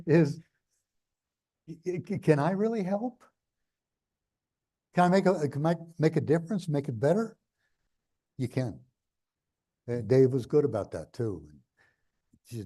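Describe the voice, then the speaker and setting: An older man with a New York accent speaks bluntly, rambling from one story to the next with jokes along the way. His voice sits fairly high but sounds mellow and dark. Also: animated, slow, pauses often. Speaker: guest speaker. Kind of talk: conversational interview on stage.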